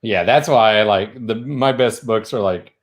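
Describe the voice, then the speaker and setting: A man's voice: fairly low pitch, unhurried. A man co-hosting a casual live stream, laid-back, with joking asides.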